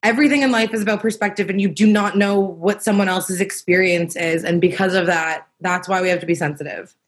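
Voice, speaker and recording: A woman's voice: on the low side, fairly even intonation, fairly quick. A woman co-hosting a casual panel chat, talking frankly and reflectively with many fillers. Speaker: podcast co-host.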